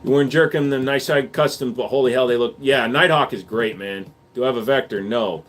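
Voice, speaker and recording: A man's voice: mid-range voice, a little fast, fairly bright tone, a little hiss or hum. A man hosting a casual livestream, answering chat questions in a blunt, offhand, joking way.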